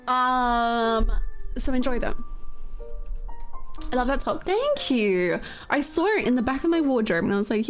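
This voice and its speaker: A woman's voice: on the high side, very animated, unhurried, long pauses, soft background music. A woman streaming a game, chatting casually and greeting viewers, her voice a bit scratchy, laughing often.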